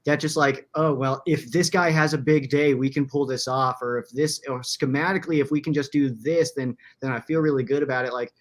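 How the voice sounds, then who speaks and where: A young man co-hosting a casual live-streamed sports chat from a small room. He is excitable, laughs often and fills his talk with "like". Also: medium pitch, brisk, hardly any pauses. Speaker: podcast co-host.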